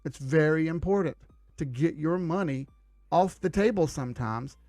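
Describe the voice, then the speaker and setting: A man's voice: fairly high pitch, moderate pace, darkish tone, no room sound, faint music behind. A man teaching trading rules to viewers in an emphatic, direct way. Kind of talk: instructional talk to viewers.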